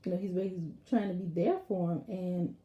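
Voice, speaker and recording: A woman casually recapping a TV episode in a rambling, animated way, acting out lines from it as she goes. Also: lowish voice, fast talker, highs cut off. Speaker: TV episode reviewer. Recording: roomy echo.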